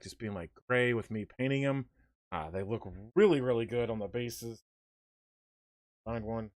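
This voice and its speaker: A young man hosting a livestream, chatting casually with viewers and rambling while he paints figures, a little out of breath. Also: mid-range voice. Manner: rambling, talks while working, greets chat by name.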